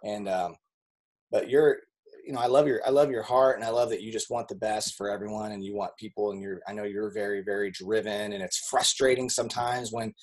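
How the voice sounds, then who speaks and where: A man's voice: fairly low pitch, steady tone, fairly quick. A man leading a team call, talking in an upbeat, encouraging way with frequent restarts. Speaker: team leader hosting a group call. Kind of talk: casual motivational chat.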